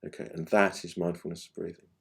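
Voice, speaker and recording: A man giving gentle, unhurried guided meditation instruction, his phrases often trailing off softly at the end. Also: deep voice, flat delivery, vocal fry, slightly rough. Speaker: meditation teacher.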